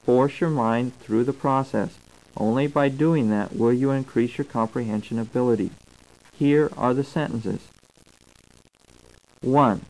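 A man reading a scripted language course, slowly spelling out words and their tones. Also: medium pitch, a little mellow, low-quality recording. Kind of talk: scripted instructional narration. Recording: old tape recording.

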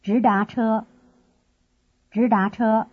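A woman's voice: on the high side, fairly even intonation, breathy edge. A woman playing a student giving directions. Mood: answering. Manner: slow, careful drill delivery. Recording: dull lo-fi course tape.

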